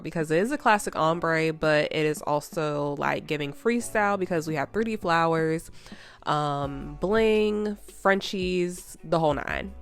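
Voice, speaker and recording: Stuffy-nosed chatty woman, low voice. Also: measured pace, smooth. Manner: chatty, says "y'all" and "like". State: stuffy nose. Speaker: nail tech vlogger. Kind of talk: casual chat over a tutorial. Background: soft background music.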